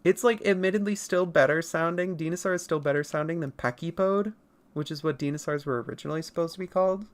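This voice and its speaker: Drawing on a livestream, this artist chats loosely with viewers, rambling playfully, laughing a lot and cursing now and then while correcting themselves in asides. They speak quickly in a mid-range voice.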